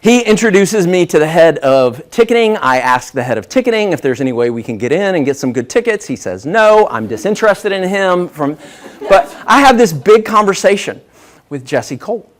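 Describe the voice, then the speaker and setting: A man's voice: sits high, moderate pace. A man giving a humorous business talk as guest speaker, telling self-deprecating stories. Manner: lively self-deprecating storyteller.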